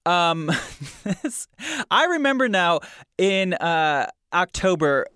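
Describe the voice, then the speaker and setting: A male podcast host who talks with lively, bouncing pitch and a smooth, clear tone. He sounds amused and easygoing, with plenty of fillers. The sound is dry and close to the mic. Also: slow pace, no room sound. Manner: animated, amused, with many fillers. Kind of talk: casual podcast monologue.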